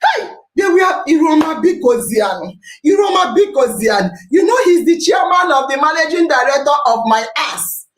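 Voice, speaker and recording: A woman's voice: high-pitched, lively intonation, moderate pace, few pauses, shouting, a little hiss or hum. A Nigerian woman hosting a podcast, telling a story with lots of laughter and exclamations, mixing pidgin into her English as she reads out and answers her listeners' comments. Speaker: podcast host. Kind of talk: animated storytelling and live chat. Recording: roomy echo.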